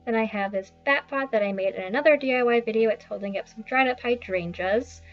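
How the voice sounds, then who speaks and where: A woman's voice: fairly high pitch, brisk. A young woman casually narrating a tour of her small basement apartment, chatty and self-deprecating with rambling asides. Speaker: vlogger giving a home tour. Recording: slightly dull lo-fi sound with faint background music.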